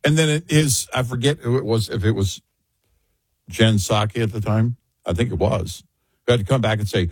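Radio cohost guy, animated storyteller, raspy edge, dry mic. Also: lowish voice, normal speed, no echo. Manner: animated, storytelling, agreeing with the host. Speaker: radio co-host. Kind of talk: talk radio banter.

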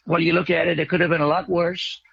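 A man's voice: on the high side, little pitch movement, quick pace, creaky, fairly bright tone, husky, no echo, lo-fi sound, heavily acted. A man doing an impression of an older male president, rambling and boastful with a short temper, in a radio comedy bit. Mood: mocking. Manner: rambling, boastful, crude jokes.

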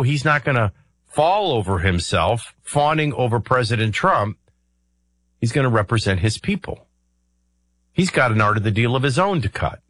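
A man's voice: mid-range voice, a bit bright, no echo. A middle-aged man hosting a talk radio show, explaining his views in a rambling, conversational way with many ums and uhs. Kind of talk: conversational political commentary.

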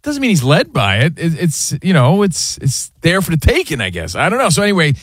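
A man's voice: on the high side, huge pitch swings, a little fast, breathy edge, no echo. Brash Jersey man on sports radio. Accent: New Jersey. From New Jersey. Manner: brash, joking, slangy. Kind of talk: casual sports radio banter. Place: radio studio. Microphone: studio mic.

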